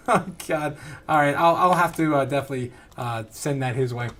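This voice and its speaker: A male livestream host with a notably high voice talks casually and excitedly. He laughs often, reads chat messages aloud and jumps between topics. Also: normal speed.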